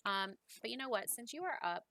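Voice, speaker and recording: Young woman, game commentary, emotional and chatty; bright, slightly high voice with light background hiss. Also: animated, brisk. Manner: emotional, swings from soft muttering to loud yelling; chatty, many fillers, talks to her viewers. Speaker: game streamer. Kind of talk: Let's Play commentary.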